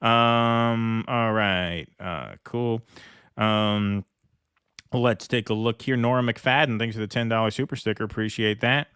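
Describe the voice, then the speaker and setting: A man's voice: on the low side, fairly even intonation, unhurried, fairly bright tone, clear, resonant tone, no echo, studio quality. A man hosting a live political stream, chatting casually, joking, and reading viewer comments aloud.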